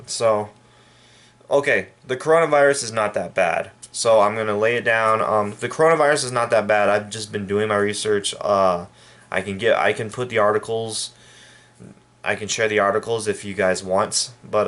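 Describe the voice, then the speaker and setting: A man from El Paso, Texas, giving a rambling, halting and indignant opinion rant to his viewers. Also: lowish voice, fairly bright tone. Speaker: vlogger. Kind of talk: casual opinion rant to camera.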